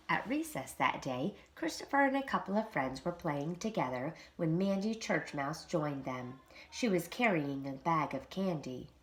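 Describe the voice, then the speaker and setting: A woman, a preschool teacher, reading a children's storybook aloud in an expressive, animated way. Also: sits low, a little slow, few pauses.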